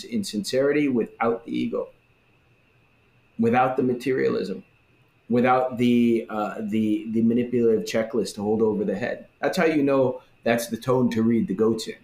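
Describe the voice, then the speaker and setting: A man in a casual religious discussion who talks in an animated way and acts out the voices he quotes. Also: medium pitch, moderate pace. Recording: roomy echo.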